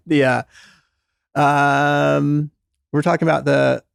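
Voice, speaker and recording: A middle-aged man, a former doctor, telling stories in a casual interview, animated and self-deprecating, acting out his own thoughts. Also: fairly high pitch, slow, gravelly, smooth, no room sound, clean studio sound. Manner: animated, self-deprecating, lots of restarts and quoted inner thoughts. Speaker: guest author, former doctor.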